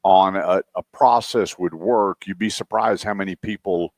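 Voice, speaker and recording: A man's voice: low-pitched, normal speed, no echo, clean studio sound. A man hosting a car-business radio show, telling stories and acting out what people said. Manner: animated storyteller, acts out quotes. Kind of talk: casual talk radio chat.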